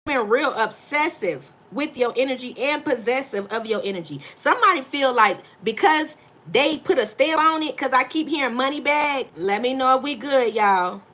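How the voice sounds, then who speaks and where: A woman's voice: high voice, animated, normal speed, fairly bright tone. A woman giving a live tarot reading, effusive and repetitive, greeting chat viewers as baby and y'all. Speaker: tarot reader.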